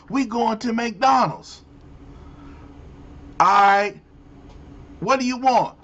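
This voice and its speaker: Male host. Exasperated, slow-talking rant with lively pitch. Lo-fi audio. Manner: animated, incredulous, exclamatory. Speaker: show host. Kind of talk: casual commentary rant.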